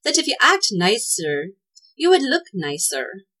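A woman voicing an excitable young male elf sidekick, shrill and indignant. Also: measured pace, husky.

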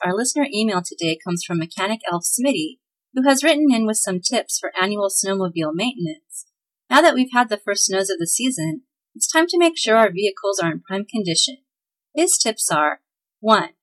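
Breathy-voiced woman storyteller. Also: mid-range voice, a bit bright, poor audio. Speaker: podcast host and storyteller. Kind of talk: scripted narration.

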